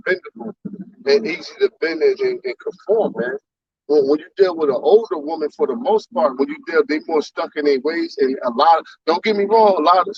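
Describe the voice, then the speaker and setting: A man's voice: a little high, creaky, breathy edge, dry recording. A man hosting a casual church talk, blunt and crude, quoting scripture. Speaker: men's ministry host. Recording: distant dull mic.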